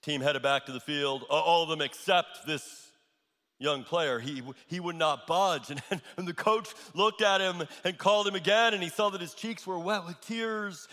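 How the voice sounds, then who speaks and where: A man's voice: fairly high pitch, normal speed, pushed and bright, big-room sound. A male pastor preaching a sermon, repeating his key lines for emphasis.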